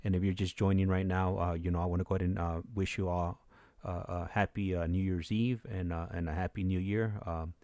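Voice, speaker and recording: Deep-voiced man hosting a livestream. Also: flat delivery, fairly quick, a little mellow, dry recording. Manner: laid-back, many fillers and restarts. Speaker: channel host. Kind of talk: casual livestream chat.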